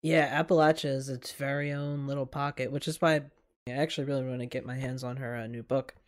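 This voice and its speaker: A podcast co-host telling a story in casual chat, hesitant, with many pauses and filler words. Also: mid-range voice, steady tone. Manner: hesitant, lots of ums, laughs easily.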